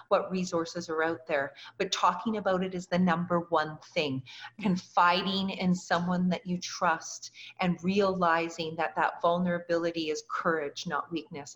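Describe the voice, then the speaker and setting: A woman, a guest in an interview, telling a personal story earnestly and acting out the voices of the people she quotes. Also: fairly low pitch. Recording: dull lo-fi recording.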